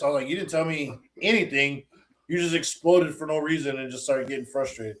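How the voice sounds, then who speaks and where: A man's voice: on the high side, a little fast, a bit bright. A man co-hosting a casual livestream chat, teasing his friends and acting out quoted dialogue with plenty of profanity. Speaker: podcast co-host.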